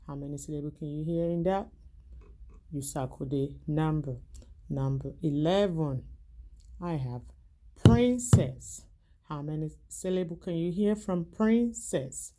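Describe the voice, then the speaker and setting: A woman teacher giving a language arts lesson to young children, calling out each word loud and slow, then asking quietly how many syllables it has. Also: low-pitched, very noisy.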